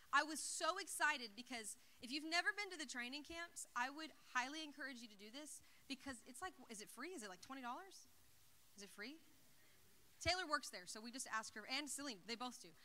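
Holding a handheld mic, a young woman with a high voice delivers a youth service message. As a youth speaker, she tells a story in an excited, chatty way, saying "like" a lot.

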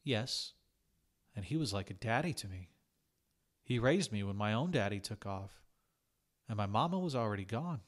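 A shy, earnest young woman in a storybook reading, as a man puts her on. She speaks softly and sincerely, in a lifted voice over a fairly low base. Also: animated, moderate pace, long pauses, lightly acted.

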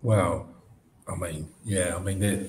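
A man appearing as a guest pundit in a casual football chat, speaking in a hesitant, relaxed way. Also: deep voice, slow, background noise.

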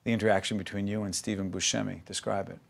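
A man's voice: on the low side, little pitch movement, fast, creaky, slightly rough. A man hosting a public television interview, teasing his guest with playful interjections. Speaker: host.

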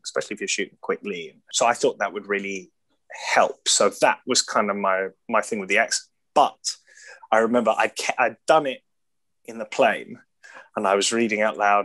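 A man's voice: fairly low pitch, fairly bright tone. Chatty English man, laughing easily. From England. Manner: chatty, self-deprecating, laughs often. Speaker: guest. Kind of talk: casual chat.

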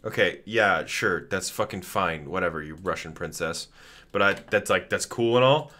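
A man live-streaming a video game, talking to the characters in an animated, profane, joking way. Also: low-pitched, normal speed. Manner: animated, swears a lot, talks to game characters. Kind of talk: live gaming commentary.

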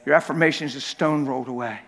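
A man's voice: mid-range voice, fast, a bit bright. A man preaching a sermon as a pastor, impassioned and acting out little scenes and voices as he talks. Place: large church hall. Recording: long church hall reverb.

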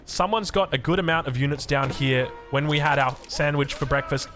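A man's voice: mid-range voice, steady tone, a little fast, hardly any pauses, a bit bright, faint music behind. A young Australian man casting a strategy game match, jokey and full of puns. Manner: jokey, punning, self-deprecating. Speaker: game caster. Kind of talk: live match commentary.

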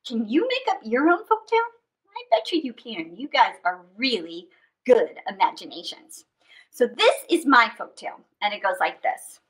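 A woman's voice: on the high side, normal speed, rough recording. A woman hosting a children's story time, playfully leading pretend games and telling a story in a sing-song way. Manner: playful, animated, leads children in pretend play. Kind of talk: live kids' story time reading.

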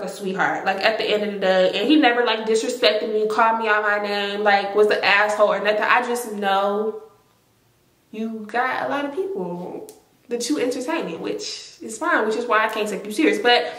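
A young woman, casually telling a storytime to camera, animated and swearing freely. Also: on the high side. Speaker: storytime vlogger. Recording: echoey room.

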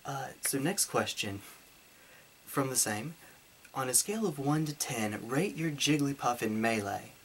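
A man with a light Southern US twang, answering viewer questions in a casual Q&A while holding his voice deeper and fuller than usual. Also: animated, unhurried, fairly bright tone, a little hiss or hum. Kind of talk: casual Q&A monologue.

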